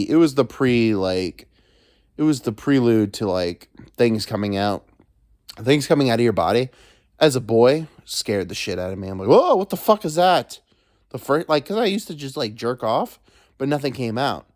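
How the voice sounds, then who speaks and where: A man's voice: medium pitch, animated, normal speed, darkish tone, dry recording, clean studio sound. A man hosting a solo podcast from home, rambling crudely with joking asides. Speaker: podcast host. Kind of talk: casual solo monologue. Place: alone at home.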